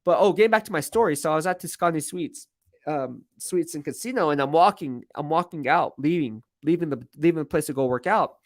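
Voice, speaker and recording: A man with a somewhat high voice runs a casual live-stream Q&A as a team reporter. He talks in loose, rambling runs and pokes fun at himself. The sound is dry, with no room echo. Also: a little fast. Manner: rambling, self-deprecating storyteller. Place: media workroom at team headquarters.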